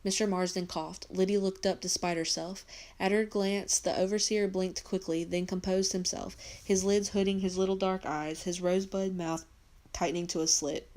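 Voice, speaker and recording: Teacher reading a novel aloud. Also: female voice, on the low side, fairly even intonation, normal speed, darkish tone. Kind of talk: audiobook reading for students.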